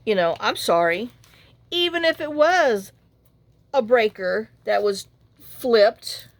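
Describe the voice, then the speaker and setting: A woman's voice: fairly high pitch, animated, takes it slowly, long pauses, no room sound. Chatty woman rambling while crafting. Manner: rambling, chatty, frank, with sighs and asides. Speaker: crafting vlogger. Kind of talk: casual storytelling chat while crafting.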